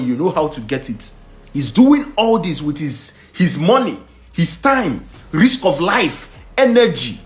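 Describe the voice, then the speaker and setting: A man making an earnest public appeal, slipping into pidgin. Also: on the high side. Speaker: online commentator.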